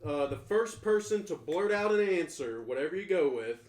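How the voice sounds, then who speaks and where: A man hosts a casual comedy podcast and rambles through the rules of a game. His voice sits a bit high. The room is echoey and has a faint background hiss. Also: lively intonation, normal speed, a little mellow. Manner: rambling, laughs between points, explains rules. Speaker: podcast host, quiz moderator.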